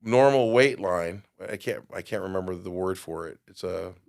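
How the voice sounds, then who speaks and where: A middle-aged man with a somewhat low voice tells a personal story on a podcast. He acts out other people's lines and swings from quiet asides to loud outbursts. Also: normal speed, vocal fry. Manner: animated storyteller, acts out quotes with big jumps in loudness. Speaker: guest.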